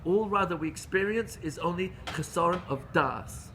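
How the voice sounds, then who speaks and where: A man with an English accent gives a Torah class. His voice sits high and bright, and he speaks earnestly, repeating and restarting phrases, with a faint hiss behind him. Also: moderate pace. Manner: earnest, with many restarts and Hebrew terms. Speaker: rabbi teaching a class.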